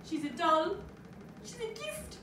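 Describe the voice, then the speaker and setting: A woman voicing her fretful older mother from the west of Ireland, with an Irish accent and a high, anxious, sing-song voice, recorded from a distance in a roomy venue with audience noise. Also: big pitch swings, slow, a bit bright, full character voice. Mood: doting.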